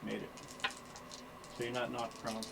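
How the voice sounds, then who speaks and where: A man running a tabletop game as game master, laid-back and quick to laugh and swear. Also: medium pitch, monotone, vocal fry, background noise.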